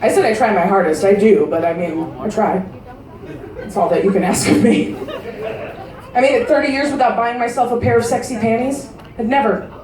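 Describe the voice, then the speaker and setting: In a large casino showroom, a woman in her thirties performs a crude stand-up set, landing brash, deadpan punchlines for a live audience. Her voice is a little high and fairly quick, captured from a distance in a roomy venue recording with some chatter behind.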